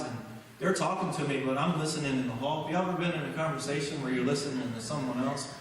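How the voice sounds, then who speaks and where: Man, guest preacher, animated storyteller, long church reverb, faint room noise. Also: on the high side. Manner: animated storyteller acting out dialogue. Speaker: guest speaker. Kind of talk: storytelling sermon. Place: church sanctuary. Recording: echoey church hall from far off.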